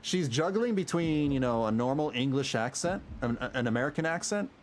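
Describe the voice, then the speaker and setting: A man's voice: medium pitch, lively intonation, a little fast. A man streaming a game and chatting casually, musing aloud and chuckling at his own remarks. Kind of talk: casual livestream commentary. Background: game music.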